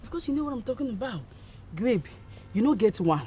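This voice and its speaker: Brief: fast-talking Nigerian Pidgin best friend, lively and teasing. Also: female voice, a little high, slightly rough, full character voice. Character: brash teasing young woman, loyal friend.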